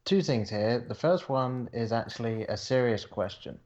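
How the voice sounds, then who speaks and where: A man co-hosting a movie podcast who reads out his notes with dry, deadpan humor. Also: mid-range voice, moderate pace. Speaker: podcast co-host. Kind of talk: casual movie commentary. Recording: slightly dull lo-fi mic.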